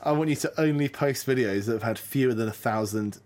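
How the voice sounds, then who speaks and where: A man co-hosting a casual cricket podcast, cracking deadpan jokes. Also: medium pitch, fairly quick. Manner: jokey, deadpan quips. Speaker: podcast co-host.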